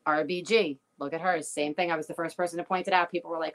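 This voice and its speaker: A woman's voice: fairly low pitch, fairly even intonation, fast, few pauses, a bit bright. A woman chatting casually, telling a story with lots of profanity and quoted back-and-forth. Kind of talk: casual chat. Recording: noisy recording with clicks.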